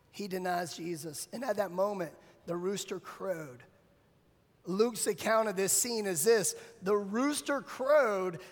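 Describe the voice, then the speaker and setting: A male pastor gives a sermon, telling the story in a lively, casual way. His voice sits high for a man. Long reverb from a large church hall trails each phrase. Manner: animated storytelling with casual slang.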